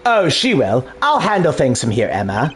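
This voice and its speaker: A man voicing a composed, calculating male investigator who speaks in a measured, formal way. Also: mid-range voice, huge pitch swings, faint music behind, voice pushed down.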